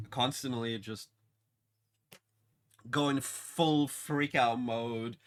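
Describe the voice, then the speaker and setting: A man's voice: medium pitch, steady tone, drawn-out words, pauses often. A man casually recapping a TV episode, rambling with many fillers and restarts. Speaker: TV episode reviewer.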